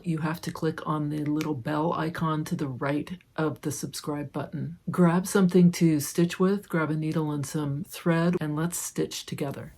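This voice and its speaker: A middle-aged woman hosting a casual embroidery tutorial, chatting gently and thinking aloud as she demonstrates each stitch. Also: sits low, creaky. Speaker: embroidery teacher and channel host. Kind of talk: casual step-by-step craft tutorial.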